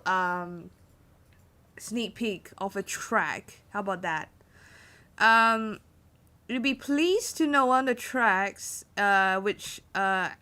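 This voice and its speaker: A woman's voice: a little high, bright, forceful tone. Chatty woman streamer, lots of fillers. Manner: rambling, many fillers, answering chat. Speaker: composer streaming to chat. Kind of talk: casual livestream chat.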